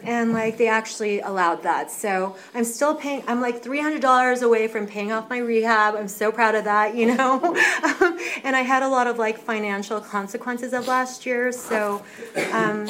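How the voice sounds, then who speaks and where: Young woman sharing at a meeting, candid and chatty, swears a bit, soft hum in the room. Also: a little high, normal speed. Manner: candid and animated, lots of fillers, swears freely. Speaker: sharer at a recovery meeting. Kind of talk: casual personal sharing.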